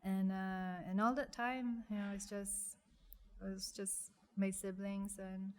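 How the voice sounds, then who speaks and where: Soft-spoken woman, halting. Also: mid-range voice, level tone, clean tone. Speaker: guest. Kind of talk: personal story in an interview.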